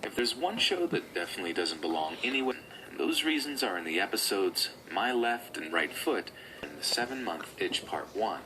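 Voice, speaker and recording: Low-voiced man narrating a video script. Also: very animated, moderate pace, background noise.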